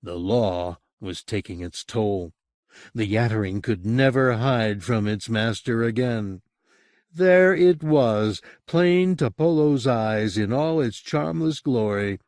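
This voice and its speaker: A man reading a horror audiobook as narrator, in an expressive storytelling manner. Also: fairly low pitch, takes it slowly, dry recording, clean studio sound. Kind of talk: scripted narration.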